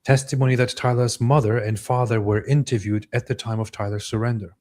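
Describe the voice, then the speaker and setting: A man co-hosting a live stream, commenting on court footage in a deliberate, measured way with some restarts. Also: medium pitch, steady tone, darkish tone.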